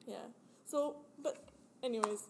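A woman's voice: high voice, a little slow, background noise. Emotional young woman telling a story. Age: 20s. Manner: emotional, laughs often, rambling. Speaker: guest. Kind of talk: candid personal story on a podcast.

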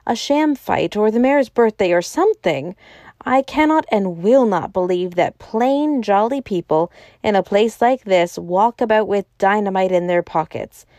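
A woman's voice: medium pitch, lively intonation, a little mellow, dry recording. A woman doing a hearty, impatient doctor. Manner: brisk, hearty, exclamatory. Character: jolly, impatient adult male doctor.

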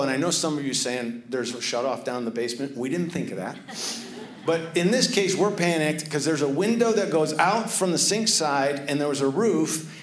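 A man giving a sermon. He tells a lively personal story, then drops to hushed, earnest tones. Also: fairly high pitch. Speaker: pastor. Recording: echoey room.

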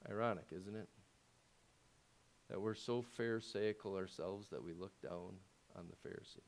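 Conversational male pastor preaching. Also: moderate pace. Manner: conversational preaching with rhetorical questions; grows louder and higher when making a point. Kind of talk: sermon.

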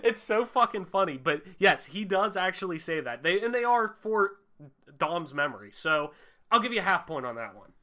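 A man's voice: fairly high pitch, very animated, normal speed, bright, forceful tone. A young man hosting a casual gaming podcast, talking loosely and animatedly, swearing freely with lots of fillers. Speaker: podcast host.

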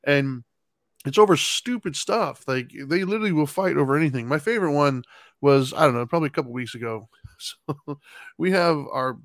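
A man's voice: a little high, fairly quick, no room sound. A middle-aged man telling a story in a casual chat, laughing as he goes and acting out other people's lines. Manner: animated, laughs while telling, acts out his kids' lines. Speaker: podcast co-host.

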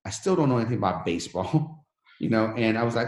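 A man's voice: on the low side, lively intonation, fast, a little mellow, roomy sound. A man who came to the country as a refugee, telling his life story in an interview in an earnest, motivational way. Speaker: guest.

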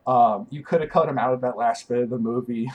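A man's voice: mid-range voice, moderate pace, darkish tone, muffled recording. A young adult man co-hosting a podcast, laid-back and hedging, laughing often in casual chat. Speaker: podcast co-host.

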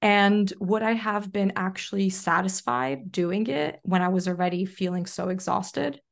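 A woman's voice: medium pitch, unhurried, gravelly. A young adult woman, a podcast guest, telling a personal story in a chatty way, full of "like" fillers. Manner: chatty, frequent "like" fillers, animated retelling. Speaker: podcast guest, self-leadership coach. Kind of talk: casual interview storytelling.

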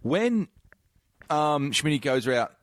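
A man's voice: a little high, takes it slowly, dry recording, studio quality. A man co-hosting a casual movie chat, recapping his favourite scenes and laughing as he tells them. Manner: laughs while telling, expressive recaps. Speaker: podcast co-host.

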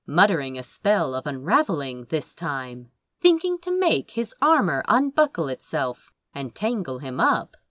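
A woman narrating a fantasy audiobook in an expressive, wry storytelling manner. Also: medium pitch, no room sound, clean studio sound.

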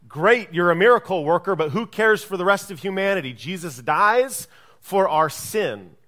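Preach it as a pastor, a man with a somewhat high voice, engaging the congregation and checking in with them often. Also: expressive, normal speed, bright, forceful tone. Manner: engaging, checks in with listeners by asking "right?"; acts out quoted speech in shifting voices. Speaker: lead pastor. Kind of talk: sermon.

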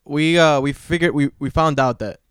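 A young man hosting a casual podcast, talking in a low-energy, laid-back way with lots of swearing. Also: moderate pace, a bit bright, clear, resonant tone, dry recording, studio quality. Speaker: podcast host. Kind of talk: casual chat.

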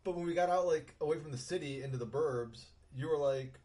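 A man's voice: a little high, brisk, dark tone. A middle-aged man co-hosting a casual podcast, rambling with lots of ums, restarts and offhand swearing. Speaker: podcast co-host. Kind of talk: casual chat.

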